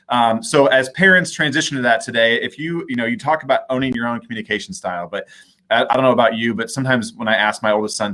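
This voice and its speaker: A man's voice: mid-range voice, fairly bright tone. A man hosting a live talk show who asks questions in a conversational way and often repeats words when starting a thought. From United States. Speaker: host, mayor.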